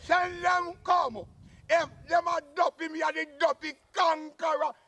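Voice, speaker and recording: A man's voice: very high-pitched, flat delivery, measured pace, sharp tone, exaggerated voice. A man playing a boastful old Jamaican uncle and former soldier, blustering and scolding in a comic sketch.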